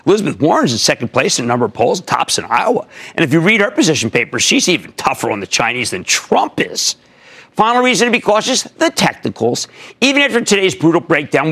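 Emphatic, animated male TV market host. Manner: emphatic, swings between loud high bursts and low asides. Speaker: host of a TV stock market show. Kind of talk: energetic market commentary and call-in.

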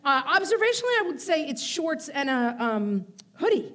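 A woman's voice: sits high, big pitch swings, moderate pace, a bit bright. A woman co-hosting a comedy podcast live on stage, emphatic and exasperated, laughing often. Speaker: podcast co-host. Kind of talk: comedic live show banter. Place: theater stage before a live audience. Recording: live stage recording with audience noise.

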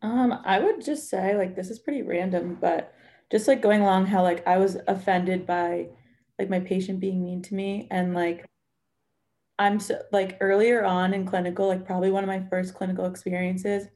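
An earnest young woman in her twenties tells a story from her nursing training, with a lot of "like" in her talk. Her low voice has a gravelly, mellow tone and stays on a flat pitch. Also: normal speed. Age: 20s. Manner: earnest, heavy use of "like". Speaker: nursing student guest. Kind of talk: casual podcast chat.

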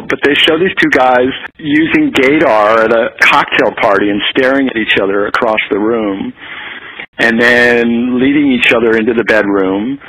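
An American man telling a frank personal story as a guest, animated and laughing often. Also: mid-range voice, rough recording. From United States. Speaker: guest, activist. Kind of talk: candid storytelling in conversation.

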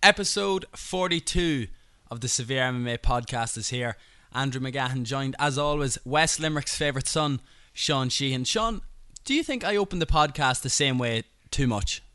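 A man's voice: mid-range voice, normal speed, few pauses, bright, forceful tone, dry recording. A man hosting a podcast, chatting casually with a playful, teasing manner. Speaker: podcast host. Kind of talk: casual chat.

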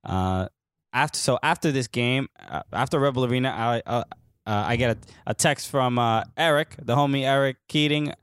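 A man's voice: mid-range voice, normal speed, a bit bright, smooth. A young man from the United States, co-hosting a casual soccer podcast, telling a rambling story full of fillers and laughter. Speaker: podcast co-host. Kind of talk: casual chat.

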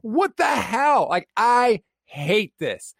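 High, lively man ranting. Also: slow pace, gravelly, no echo, clean studio sound. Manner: fired-up, ranting, swears. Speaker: podcast co-host. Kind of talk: casual sports chat.

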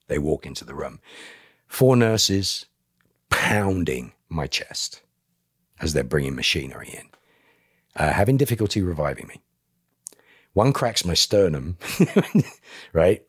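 A man, a podcast guest, telling a personal story in an animated way and acting out other people's lines. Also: very deep voice, slightly rough, dry recording, clean studio sound. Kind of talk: emotional storytelling.

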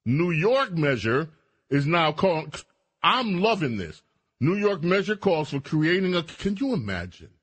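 A man's voice: on the high side, big pitch swings, measured pace, a bit bright, husky. A man hosting a radio talk show, delivering commentary with sarcastic, mocking asides.

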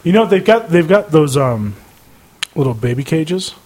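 A man co-hosting a casual podcast chat, crude and quick to laugh. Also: on the high side, very animated, darkish tone. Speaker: podcast co-host.

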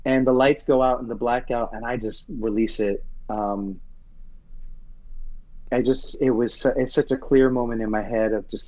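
A man and Broadway actor, telling a personal story in an interview with earnest, halting emotion and frequent restarts. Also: mid-range voice, steady tone, warm tone. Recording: dull lo-fi sound.

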